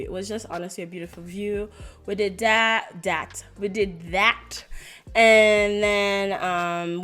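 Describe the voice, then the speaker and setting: A young woman, telling stories in a casual vlog with lots of "like" fillers. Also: mid-range voice. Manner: chatty and animated, lots of "like" fillers. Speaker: vlogger.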